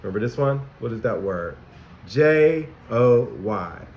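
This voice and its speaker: A man school counselor giving a lesson to young children, animated and asking them many questions. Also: lowish voice, normal speed, a little hiss or hum. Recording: dull, echoey room recording.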